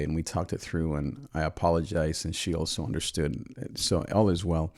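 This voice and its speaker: A man in his forties, a parenting channel host, giving gentle, earnest advice with frequent pauses and restarts. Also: sits low. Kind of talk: reflective advice talk.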